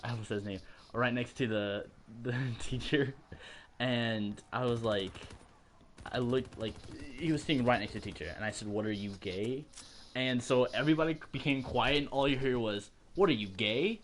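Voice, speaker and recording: With a mid-range voice at a moderate pace, this teenage podcast host tells school stories in relaxed chat, laughing a lot. He imitates the voices of the people he quotes, and a faint hiss or hum runs under the recording.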